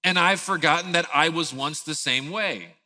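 A man in his thirties, a pastor giving a sermon, telling a family story in an animated way and acting out the scenes. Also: a little high, normal speed, long reverb tail.

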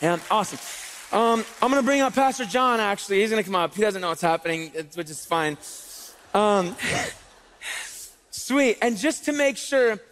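A man's voice: high voice, expressive, normal speed, long pauses, a bit bright. A man doing comedic stage patter as an illusionist in a church, chatty and joking. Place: large church hall on stage. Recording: long reverb of a church hall.

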